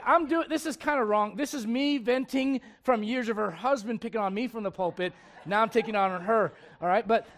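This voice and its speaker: A male pastor preaching a sermon, animated and humorous, with laughing asides and acted-out quotes. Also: very high-pitched.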